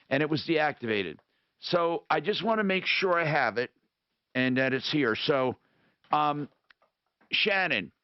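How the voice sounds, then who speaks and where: A man hosting a call-in radio talk show, rambling and thinking out loud with frequent restarts. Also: a little high, no echo. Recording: dull lo-fi radio broadcast.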